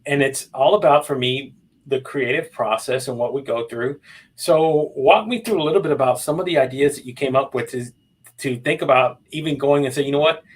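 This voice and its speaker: A man's voice: mid-range voice, fairly quick. A man hosting a casual interview, asking friendly, encouraging questions. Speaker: podcast host.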